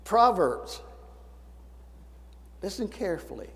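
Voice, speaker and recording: Older male preacher, high voice, reverberant church. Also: expressive, a little slow, darkish tone. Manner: folksy storytelling with dry humor. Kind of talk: sermon. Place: church sanctuary. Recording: church sanctuary with long reverb.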